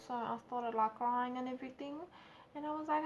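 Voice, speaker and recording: A young woman with a South African accent telling a storytime vlog, animated and acting out quotes. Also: brisk, dull audio, background noise. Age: young adult. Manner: animated, acts out quotes with big pitch jumps. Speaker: vlogger. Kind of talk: casual storytime.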